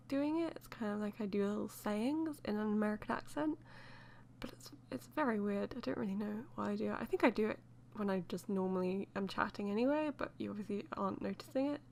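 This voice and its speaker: A woman's voice: medium pitch, vocal fry, a little hiss or hum. A woman chatting loosely as she voices over a game build, rambling with many fillers and light laughs. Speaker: let's play host.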